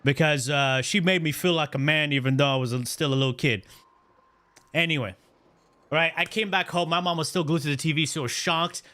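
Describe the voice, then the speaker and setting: A man in his thirties spins a personal story for his stream chat in a loose, slangy voice, cursing freely and tossing in "right?" after nearly every point. His voice sits fairly high and rings very bright and forward. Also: a little fast. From Canada. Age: 30s. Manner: animated, slangy, profane, repeats "right?".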